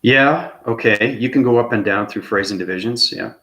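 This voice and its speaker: A man with a very low voice delivers a loose spiritual monologue to his viewers. His phrasing wanders and restarts, and he tags nearly every thought with a questioning "okay?". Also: moderate pace, bright, forceful tone. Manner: repeats "okay?" as a tag after phrases. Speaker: channel host.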